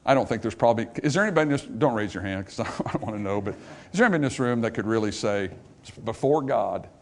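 A pastor preaching a sermon in a church, swinging between emphatic high points and hushed, soft passages. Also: male voice, expressive, quick pace. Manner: dynamic preaching, rising to emphatic highs and dropping to hushed lows. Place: church sanctuary.

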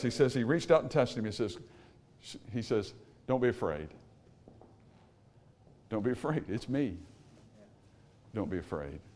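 A man preaching a sermon to a congregation, swinging from hushed, low passages to loud, emphatic ones and asking rhetorical questions.

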